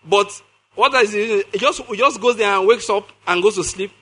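A man's voice: high-pitched, fairly quick, fairly bright tone. A man preaching a sermon, reading scripture aloud, explaining it with emphasis and asking his listeners questions. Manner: emphatic, repeats key phrases, asks the audience questions.

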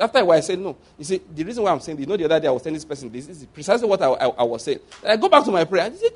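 Conversational preaching man, higher voice. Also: very animated, very fast, few pauses. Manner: conversational, repeats phrases for emphasis. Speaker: pastor. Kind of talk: sermon.

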